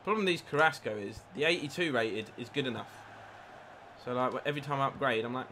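A man live-streaming a football video game, commentating his own play, reacting loudly to chances and thanking new followers. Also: medium pitch, quick pace, slight background noise. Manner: excitable, swears at the game, reads out followers. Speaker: gaming streamer. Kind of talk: live gameplay commentary with chat.

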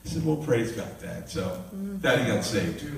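A man's voice: lowish voice, sing-song, normal speed, vocal fry, a little hiss or hum. A man in his sixties, a minister, telling his life story with animation, acting out the dialogue and laughing often. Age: 60s. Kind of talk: testimony storytelling. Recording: echoey room, voice from a distance.

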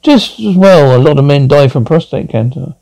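A gravelly crude glasgow man, fifties, voice jumps up and down a lot, brash sitcom vibe. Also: a little high, expressive, moderate pace, dark tone, rough recording. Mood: grumbling. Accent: Glaswegian Scottish. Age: 50s. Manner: coarse and brash. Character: crude, blunt middle-aged Glasgow man. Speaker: sitcom lead. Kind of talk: scripted TV sitcom acting.

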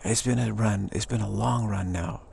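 A middle-aged man with a gravelly voice rambles through an enthusiastic pep talk, repeating himself and chuckling often. His pitch is on the low side and steady, his tone darkish, at normal speed. Slight background noise can be heard.

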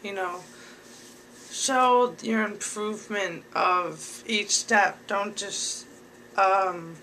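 A young man talks at an unhurried pace with a bright, sharp tone. He rambles through a casual advice vlog, leaning on "um" and "you know" as he speaks straight to his viewers. There is a faint hum of background ambience behind him. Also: sits high, fairly even intonation, poor audio. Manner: rambling, filler-heavy, talks to viewers directly. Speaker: vlogger giving advice.

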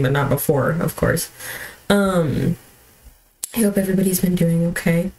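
A young woman's voice, pitched a touch low for her, drifts through casual gaming chat from a home setup. She rambles and restarts, scatters fillers, and keeps apologizing with a self-deprecating laugh. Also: fairly even intonation, normal speed, darkish tone, poor audio. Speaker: streamer.

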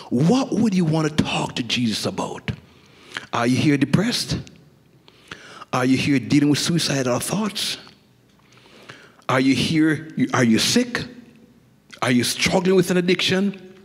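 A middle-aged man preaching a sermon as a guest preacher, swinging from animated storytelling to hushed intensity. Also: a little high, measured pace, long pauses, husky. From Jamaica. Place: church sanctuary. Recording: echoey church hall.

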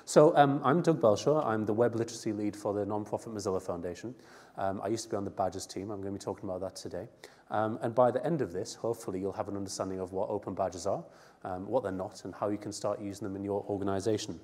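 A man's voice: fairly low pitch, steady tone, a little mellow. Northern English man with a cold. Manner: chatty, informal, quick asides. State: has a head cold. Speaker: conference presenter. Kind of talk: conference presentation. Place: conference hall. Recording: long reverb of a large hall.

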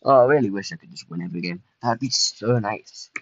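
A young man, chatting casually and excitably through a livestreamed game, self-mocking and full of fillers. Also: lowish voice, brisk, no room sound, highs cut off. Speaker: streamer. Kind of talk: casual livestream gameplay commentary.

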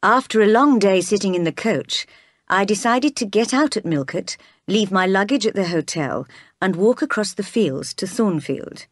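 A woman narrating a graded reader aloud in steady, clear storytelling. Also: medium pitch, normal speed, no echo, studio quality.

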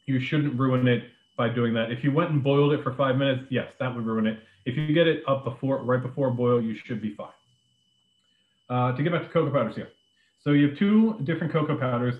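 A beverages director teaches a cocktail class as a live online cooking demonstration, chatty and relaxed, with loose explanations and many ums and uhs. His voice is medium-pitched, coming over a tinny, phone-like line from an echoey room.

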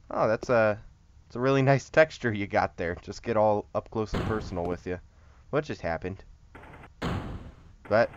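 Slow-talking man rambling over gameplay. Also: lowish voice, highs cut off, a little hiss or hum. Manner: rambling, joking, chats to game objects. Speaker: horror game let's-player. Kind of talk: casual gameplay commentary.

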